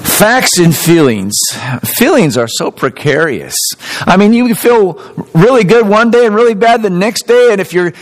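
A man preaching a sermon, animated, with a strong slowing down on the key phrases. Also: sits high, poor audio. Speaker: pastor.

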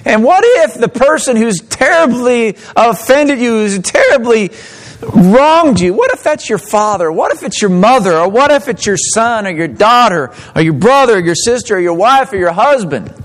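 A man preaching a sermon, reading scripture aloud and telling a story, with strong emphatic rises and low drops. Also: very animated, moderate pace, low-quality recording. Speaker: pastor.

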